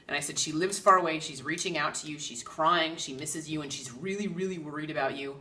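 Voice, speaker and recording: A woman with a low yet bright, sharp voice tells stories as a medium in casual, lively talk. She jumps into quoted dialogue, raising her voice for the other people in the story. She sits a little back from the mic. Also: a little fast, hardly any pauses, recorded from a distance. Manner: animated, acts out quoted dialogue in raised voice.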